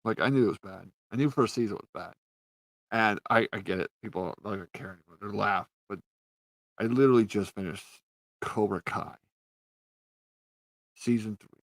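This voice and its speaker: A man's voice: on the low side, moderate pace, long pauses, dry recording, poor audio. A man ranting sarcastically and profanely in a casual review, a little tipsy. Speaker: TV show reviewer.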